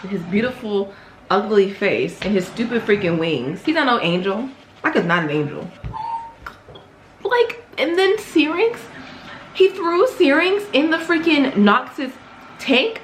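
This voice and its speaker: A woman's voice: a little high, big pitch swings, a little slow, fairly bright tone. A young woman talks through a book in a casual home vlog, her voice swinging widely up and down as she reacts. She sounds emotional and teary, full of exclamations, with a faint hum of room noise behind her. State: tearful. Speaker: book vlogger.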